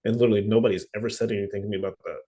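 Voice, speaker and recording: A man's voice: fairly low pitch, fairly even intonation, rapid-fire, warm tone, husky. A man hosting a casual podcast chat, telling a story and acting out quoted exchanges.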